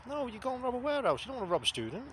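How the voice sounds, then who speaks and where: A man's voice: extremely high pitch, big pitch swings, very fast, slight background noise. A man, talking to camera in a blunt, rambling, sweary monologue. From England. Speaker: vlogger. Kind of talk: casual spoken monologue.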